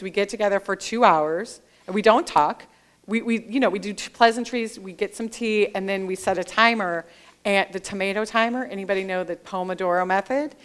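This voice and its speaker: A woman with a smooth, clear voice, sitting in for an author interview at a library event. She talks in an animated, storytelling way and keeps slipping into the voices of people she quotes. Her pitch sits in an ordinary middle range. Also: a little fast. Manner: animated storyteller who acts out quoted dialogue. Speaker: author guest.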